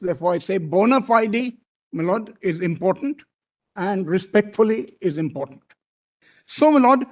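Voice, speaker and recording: An older advocate makes his case before a bench of judges. His voice sits high for a man. He speaks in a formal, deferential way and returns again and again to "my lord.". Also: darkish tone. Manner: formal and deferential, repeatedly saying "my lord", with pauses and restarts. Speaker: senior advocate arguing before a court. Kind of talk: courtroom oral argument.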